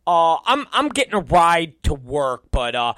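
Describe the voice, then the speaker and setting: A man's voice: a little high, very animated, unhurried, pushed and bright, no echo, exaggerated voice. A man voicing a hesitant, mumbling young employee who always needs a favor. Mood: sheepish.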